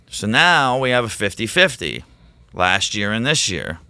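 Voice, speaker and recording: Excitable male teacher guest, rambling storyteller, slightly low, smooth clear tone. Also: measured pace, dry recording. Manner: rambling, excitable, quotes himself in animated voices. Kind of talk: casual storytelling in a podcast interview.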